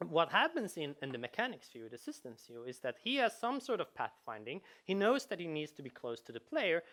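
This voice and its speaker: A man, a game designer, giving a conference talk, animated and full of restarts and repeated words. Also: fairly high pitch.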